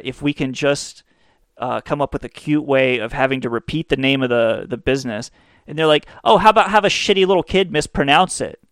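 A man's voice: mid-range voice, fairly bright tone, smooth, dry recording. A man hosting a comedy podcast, delivering a profane, mocking rant into a close mic. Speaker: podcast host. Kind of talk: ranting comedy monologue.

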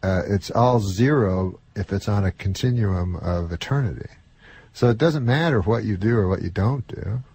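A man in a played clip, musing in a deadpan, unhurried way about life and eternity. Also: fairly low pitch, husky, no room sound. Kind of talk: musing monologue.

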